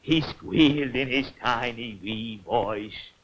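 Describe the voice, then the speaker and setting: A man narrates a fairy tale in an old cartoon, speaking slowly in a lilting storyteller manner. His voice is medium-pitched and a bit bright. The old cartoon soundtrack is dull, with a faint hiss.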